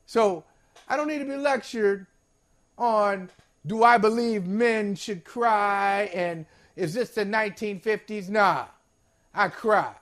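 A man's voice: high-pitched, slow pace, a bit bright. A man hosting a sports talk show, talking in a discursive, emphatic way with playful asides. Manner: sincere and playful, laughs at himself.

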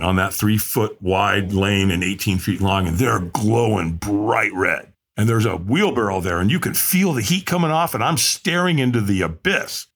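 A man telling his story as a podcast guest, acting out quotes with big dramatic swings. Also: fairly bright tone. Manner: dramatic, acts out quotes with big pitch jumps. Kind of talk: animated storytelling.

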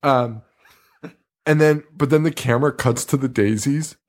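A podcast co-host with a mid-range voice and moderate pace rambles through a movie review in casual chat, swearing freely in exasperated, sarcastic asides.

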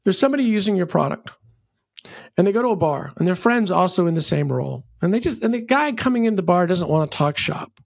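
A middle-aged man, a podcast guest, giving animated conversational advice with lots of ums and a rambling, energetic way of storytelling. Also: high voice, gravelly, slightly rough, no echo, clean studio sound. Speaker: podcast guest, venture capitalist.

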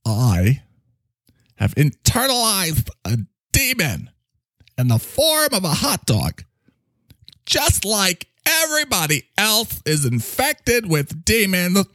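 Man doing a squeaky frantic male character. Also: wildly swooping pitch, takes it slowly, a bit bright, dry recording, heavily acted. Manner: frantic, gossipy announcing.

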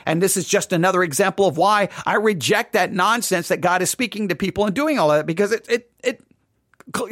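Earnest preaching man, high voice, dry close recording, restarts phrases often. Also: a bit bright, no room sound. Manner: earnest, repeats and restarts phrases, rises when quoting cries. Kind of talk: impassioned sermon-style commentary.

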